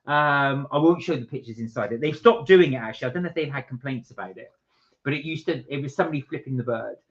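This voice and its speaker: A man's voice: mid-range voice, quick pace. Chatty man reading comments. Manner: chatty, reads out viewer comments, jokes. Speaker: co-host of a live stream. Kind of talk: casual live-stream chat reading viewer comments. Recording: dull lo-fi stream audio.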